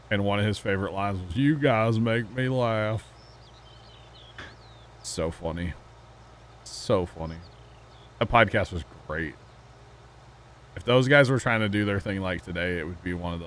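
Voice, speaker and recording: A man with a low, deep voice hosting a gaming stream. He rambles chattily, addressing his chat and his co-host in loose, easygoing talk, with faint background noise under the audio. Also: a bit bright. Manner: rambling, chatty, talks to chat, laughs often. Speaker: livestream host. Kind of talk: casual chat while gaming.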